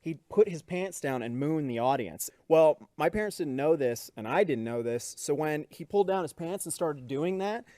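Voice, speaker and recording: A man's voice: on the high side, moderate pace, few pauses, dry recording, clean studio sound. A man from Texas, a podcast host, telling a self-mocking childhood story in casual chat. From Texas, USA. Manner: animated, self-mocking anecdote.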